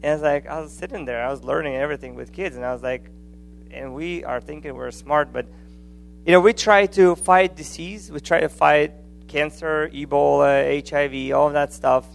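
A man preaching a sermon in a conversational, animated way, often restarting phrases and adding asides. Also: fairly high pitch, normal speed, gravelly.

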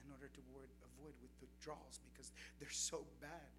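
A man's voice: medium pitch, brisk, over music. A young adult man preaching a sermon, telling testimonies in an earnest storytelling way. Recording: noisy recording with steady background noise.

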